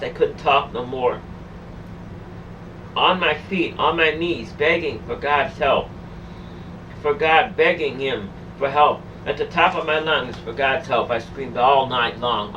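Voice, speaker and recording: A woman with a very deep yet fairly bright voice gives emotional first-person testimony about a harrowing personal ordeal. She speaks haltingly, repeating and restarting phrases, in a dull, distant recording with a faint hum.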